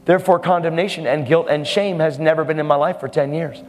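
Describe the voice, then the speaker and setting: A man's voice: a little high, steady tone, quick pace, a little mellow. A man preaching a sermon boldly and emphatically, with laughing asides. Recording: hall reverb with faint music.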